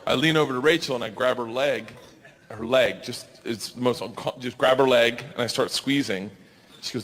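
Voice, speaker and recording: Man, forties, stand-up comedian, loud and animated, noisy live room. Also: medium pitch, normal speed. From United States. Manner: loud, animated, acts out characters. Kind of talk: stand-up storytelling. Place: comedy club stage. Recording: live club set with crowd noise. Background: laughing crowd.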